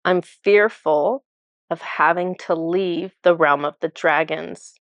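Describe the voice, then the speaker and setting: A woman's voice: fairly low pitch, slow pace, no room sound, muffled recording. A woman casually retelling a spiritual vision as a channeler, chatty and full of fillers, laughing at herself.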